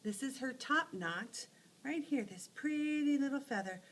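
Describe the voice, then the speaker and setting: Animated woman teaching letter sounds. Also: sits high, unhurried, slight background noise, rough recording. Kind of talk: phonics lesson storytelling.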